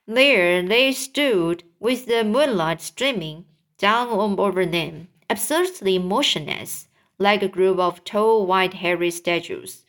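A woman reading a children's book aloud, halting with frequent slips and restarts. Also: mid-range voice, fairly bright tone. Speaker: reader.

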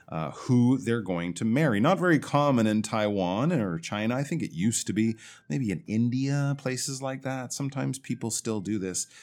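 Man, pronunciation teacher, lowish voice, patient, explanatory, slows down on example words. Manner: patient, explanatory, drawls words slowly to demonstrate. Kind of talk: feedback on listener recordings.

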